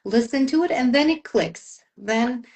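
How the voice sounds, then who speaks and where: A woman with a somewhat high voice, interviewing in a relaxed chat. She chimes in eagerly and often, with frequent mm-hmms and yeahs. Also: unhurried. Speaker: English teacher, interviewer. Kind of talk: casual conversation.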